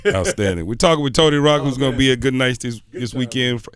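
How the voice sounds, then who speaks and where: A man co-hosting a sports talk show in studio, laughing often and reacting with lively interjections. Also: mid-range voice, fast. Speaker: radio show co-host. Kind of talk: casual chat, interviewing.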